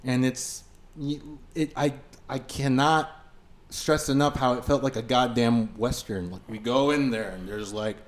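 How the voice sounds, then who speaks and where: A man's voice: medium pitch, a little slow. A man on a podcast, a musician telling a road story in casual chat, swearing freely and piling on fillers. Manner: profane, animated anecdote-telling with many fillers.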